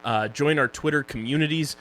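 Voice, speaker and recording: A man with a Philadelphia accent co-hosting a casual podcast, joking and running quickly through plugs and sponsor reads. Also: fairly high pitch, a bit bright, slight background noise, poor audio. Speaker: podcast co-host.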